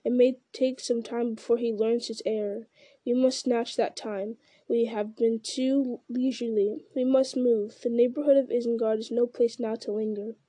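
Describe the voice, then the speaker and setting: A woman reading a fantasy novel aloud, voicing an old male wizard who speaks with grave, measured command. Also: on the high side, steady tone, mellow, no echo, natural voice. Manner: grave, measured delivery that rises to urgent cries.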